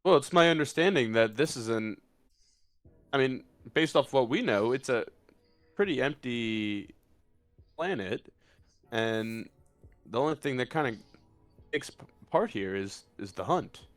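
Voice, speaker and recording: A man's voice: mid-range voice, expressive, unhurried, pauses often, no echo, soft background music. A man playing in a tabletop game, talking casually and speculating about the story. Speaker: player. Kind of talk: casual in-character chat.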